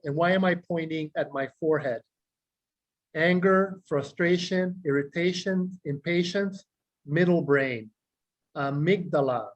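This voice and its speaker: A man, a clinical psychologist, explaining self-regulation to a group in a measured way, listing words slowly and asking questions. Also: a little high, muffled recording. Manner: measured, repeats key words in slow lists; speaks directly to listeners, asks rhetorical questions. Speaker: clinical psychologist teaching a meditation class.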